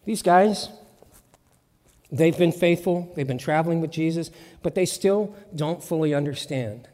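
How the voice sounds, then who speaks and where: A man's voice: on the high side, unhurried, mellow. Emphatic male pastor in reverberant hall. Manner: emphatic, repetitive, conversational preaching. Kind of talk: sermon. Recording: long church reverb.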